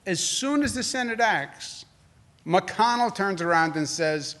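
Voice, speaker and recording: A forceful man in his sixties with a New York accent takes reporters' questions at a briefing. His voice sits a little high for a man, and he keeps hammering the same points with rising emphasis. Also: animated, unhurried. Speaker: governor at press briefing. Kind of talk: press conference answers.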